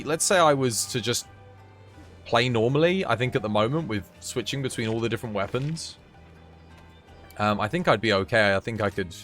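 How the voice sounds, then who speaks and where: A man streaming live and chatting casually as he plays, given to high giggling fits. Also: fairly bright tone. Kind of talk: live gameplay commentary.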